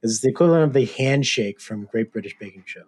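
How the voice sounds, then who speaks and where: A man's voice: medium pitch, expressive, fast, darkish tone, slight background noise. A man co-hosting a podcast, chatting casually with friends in a playful, teasing way. His voice sits in an everyday middle register. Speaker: podcast co-host. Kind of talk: casual comedic chat.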